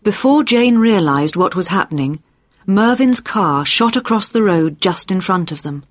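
A narrator reads a crime story aloud at an even, steady pace, with the pitch in the middle range. The sound is dry and close, with no room reverb. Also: measured pace. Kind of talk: audiobook narration.

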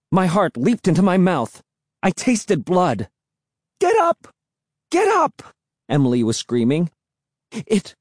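Warm, animated male audiobook narrator. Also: medium pitch, no echo, clean studio sound. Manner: expressive, dramatic storytelling. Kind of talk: scripted narration of a children's spooky novel.

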